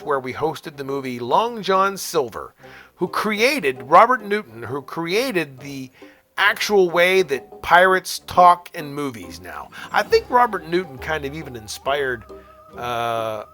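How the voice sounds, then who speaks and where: Male call-in show host, slightly high, bright forceful tone, rambling upbeat patter, faint music underneath. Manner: chatty, upbeat, rambling with fillers and laughs. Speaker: podcast host taking phone calls. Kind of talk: casual radio-style chat and sponsor reads.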